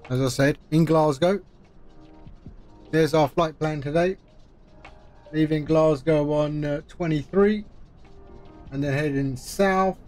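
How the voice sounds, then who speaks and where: Slow-talking man streaming a flight sim. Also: a little high, darkish tone. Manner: chatty, talks through each step, friendly asides. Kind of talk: live-stream commentary while playing.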